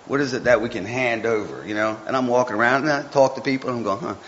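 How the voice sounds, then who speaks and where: A man's voice: mid-range voice, quick pace, fairly bright tone, a little hiss or hum. A man giving an informal devotional talk, folksy and rambling, with chatty asides to the listeners. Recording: muffled with faint background ambience.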